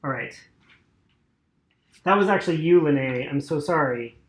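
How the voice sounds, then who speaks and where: A man's voice: a little high, measured pace. A man narrating as game master for a tabletop game, hesitant with many fillers. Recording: roomy echo.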